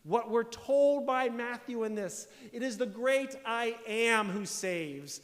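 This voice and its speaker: A high-pitched man delivers a sermon as pastor, his voice trailing off into a long church reverb. He explains scripture with emphatic, building declarations and rhetorical questions. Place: church sanctuary.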